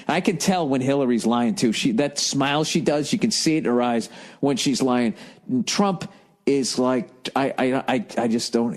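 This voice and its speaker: A man's voice: medium pitch, darkish tone. Swearing, ranting male podcast host. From United States. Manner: profane, ranting, sarcastic. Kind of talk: solo comedy podcast monologue.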